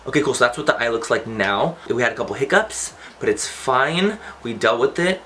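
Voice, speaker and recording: A man's voice: mid-range voice, lively intonation, fairly quick, fairly bright tone, a little hiss or hum. A young man chatting casually through a makeup tutorial, campy and playful, swearing for fun. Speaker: beauty vlogger.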